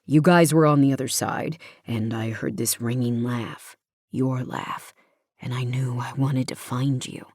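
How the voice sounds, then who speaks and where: A soft-spoken young lover in an audiobook, hushed and close, often dropping to a whisper. The voice sits very low and deep for its reader, and the recording is dry and close-miked, with no room around it, as a woman reads him. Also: fairly even intonation, a little slow, no echo, full character voice. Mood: warm. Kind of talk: audiobook character voice.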